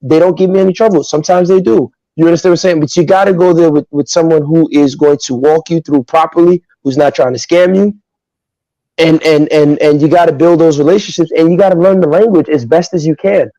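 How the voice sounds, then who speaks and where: A man from Nigeria speaks as a guest in a casual podcast chat, telling his stories in an animated, emphatic way. His voice sits a little high. The sound is dry and close, with no room echo. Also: a little fast, highs cut off. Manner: animated, emphatic storytelling with frequent asides.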